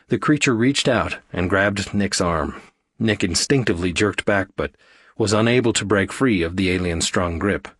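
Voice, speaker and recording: A male narrator reads an audiobook in a steady, even storytelling manner. His voice sits slightly low, and the recording is dry and close. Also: breathy edge, no room sound. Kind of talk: scripted narration.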